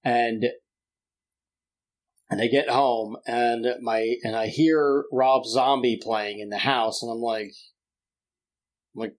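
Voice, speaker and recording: A man's voice: medium pitch, steady tone, slow, long pauses. A man co-hosting a podcast, telling a rambling anecdote with lots of fillers and restarts. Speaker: podcast co-host. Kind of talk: casual chat.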